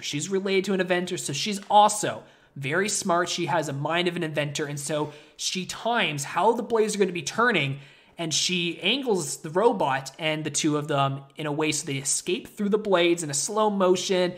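A man ranting about a movie on a casual podcast. He sounds animated and worked up as he retells the plot. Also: on the high side. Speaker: podcast co-host. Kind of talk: casual movie review chat.

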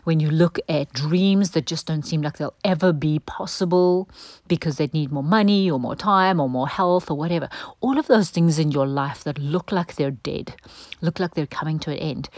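A middle-aged woman giving an earnest devotional teaching, gentle in manner and dropping to a soft breathy hush at times. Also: deep voice, moderate pace, dry recording, studio quality. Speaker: Christian teacher.

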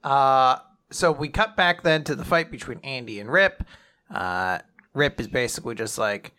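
Animated young man, bright voice. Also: mid-range voice, normal speed. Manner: animated, laughs often, acts out quoted lines in a raised voice. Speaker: podcast co-host. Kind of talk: casual manga recap chat.

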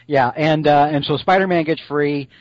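A man's voice: a little high, fairly even intonation, moderate pace, no echo. Rambling podcast co-host, male, dry slightly muffled mic, jokey recap. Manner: rambling, jokey, full of fillers. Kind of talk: casual comic-book podcast chat.

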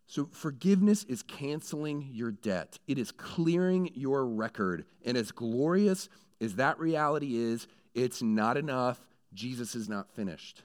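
A man's voice: mid-range voice, measured pace. Conversational man preaching a sermon. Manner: conversational preaching, building to animated storytelling. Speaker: pastor.

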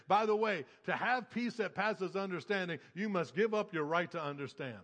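A male pastor delivering a sermon with a high, bright, ringing voice. He preaches emphatically, stacking repeated phrases in rhythmic lists. His voice carries a long reverb, as if heard in a church sanctuary. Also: animated, normal speed, hardly any pauses.

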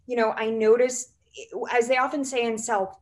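A woman's voice: on the high side, level tone, moderate pace, a little mellow. A woman, a writer and goals coach, talking as a podcast guest and telling long, chatty stories full of "you know" and "like". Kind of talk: casual interview chat.

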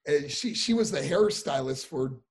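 A man being interviewed, telling animated stories about his past career, with many fillers and acted-out voices. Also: fairly high pitch, normal speed, slightly rough. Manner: animated, acts out voices in anecdotes, frequent fillers. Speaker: interview guest, former wrestler. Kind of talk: casual storytelling.

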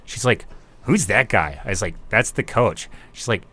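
A man with a fairly low voice telling a meandering anecdote in casual chat. He stumbles through fillers and restarts as he goes. The delivery is loose and conversational. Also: lively intonation, moderate pace, bright, forceful tone. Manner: rambling, lots of fillers and restarts.

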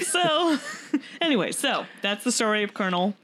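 A woman's voice: medium pitch, sing-song, normal speed, fairly bright tone. Woman, podcast host, casual chat, rambling, frequent laughter. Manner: rambling, laughing often, lots of fillers.

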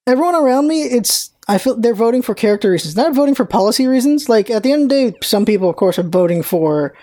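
A person talking politics hesitantly, pausing and restarting with "like" and "uh". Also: mid-range voice, animated, dark tone. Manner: hesitant, halting, filler-heavy. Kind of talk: casual political chat.

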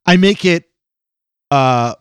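A man's voice: on the high side, expressive, slow, fairly bright tone, smooth, no room sound, studio quality. A man co-hosting a podcast in casual chat, blunt and swearing freely. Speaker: podcast co-host.

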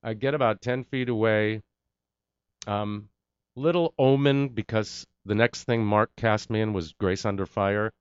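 A man's voice: fairly low pitch, measured pace, smooth, no room sound, highs cut off. A man, an actor, telling an anecdote in an interview, acting out the lines of the people in it. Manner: animated anecdote-telling with acted-out quotes. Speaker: actor and guest. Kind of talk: interview storytelling.

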